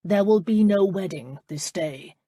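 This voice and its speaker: A woman's voice: medium pitch, animated, measured pace, mellow, breathy edge, no room sound. Woman reading a dry understated duke. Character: understated aristocratic duke, father.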